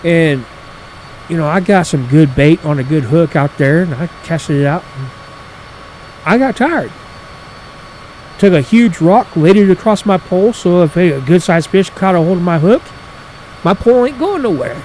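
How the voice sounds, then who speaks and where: A man hosts a gaming stream in casual storytelling mode. He is folksy and animated, grumbling and cussing. His voice sits a little high, and faint aircraft engine noise hums underneath. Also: normal speed, long pauses, low-quality recording. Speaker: gaming channel host. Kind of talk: casual storytelling while playing.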